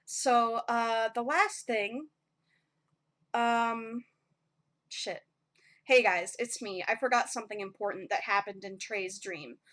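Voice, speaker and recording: A woman narrating a homebrew tabletop game as game master, relaxed and full of ums. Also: fairly high pitch, slow. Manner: relaxed storytelling with frequent ums.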